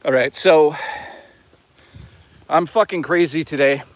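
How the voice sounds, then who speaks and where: A man talking casually to his live chat while walking outdoors in the woods, excitable, joking and swearing a lot. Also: fairly high pitch, slow pace, no echo. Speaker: live streamer. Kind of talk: casual live-stream chatter.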